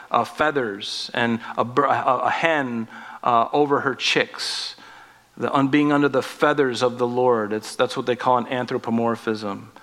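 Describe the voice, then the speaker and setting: A man in his forties preaching a sermon as pastor, rising in force on scripture and dropping soft on tender points. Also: mid-range voice. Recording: long reverb of a large hall.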